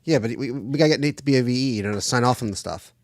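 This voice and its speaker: A man chats as a regular guest on a ham radio live stream. He speaks in a relaxed, halting way with many fillers, at a middle pitch. The recording is dry and close. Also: no echo. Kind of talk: casual chat on a live stream.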